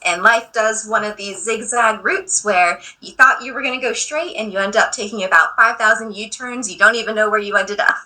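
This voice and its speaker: Bright-voiced woman, candid radio guest. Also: medium pitch, poor audio. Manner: candid, laughs easily at herself. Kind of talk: radio interview.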